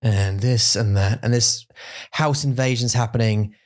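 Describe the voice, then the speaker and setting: Pria yang bercerita dengan hidup. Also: male voice, medium pitch, unhurried. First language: English. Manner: animated storytelling, acts out voices for effect. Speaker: podcast co-host. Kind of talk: casual bilingual chat.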